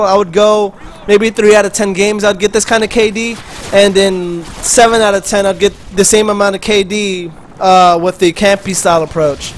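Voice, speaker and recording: A man's voice: sits high, a little hiss or hum. A man talking casually over his own gameplay footage as host of a gaming channel, rambling and chatty, with offhand swearing.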